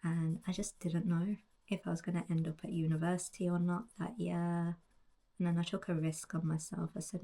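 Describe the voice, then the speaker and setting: A woman in her forties giving soft, reflective narration that often drifts into whispers. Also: lowish voice, little pitch movement, normal speed. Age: 40s. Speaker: colouring book author.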